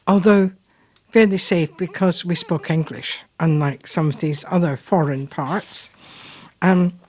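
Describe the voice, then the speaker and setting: A woman with a Scottish accent hosting a local show, telling stories and reading aloud in an unhurried way with frequent ums. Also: fairly low pitch, darkish tone. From Scotland. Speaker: host. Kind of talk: casual storytelling and reading aloud.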